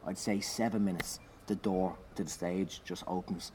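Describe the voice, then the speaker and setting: A man, a comedian, telling an animated anecdote in conversation, swearing and shouting out the lines he acts. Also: deep voice, normal speed. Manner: animated, swearing, loud acted-out bursts. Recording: noisy background.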